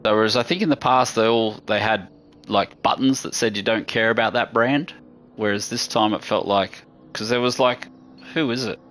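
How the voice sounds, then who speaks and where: Laid-back Australian man, low voice. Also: fairly even intonation, normal speed, a bit bright. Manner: chatty and laid-back, often says "mate". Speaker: racing game streamer. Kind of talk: casual live-stream gameplay commentary.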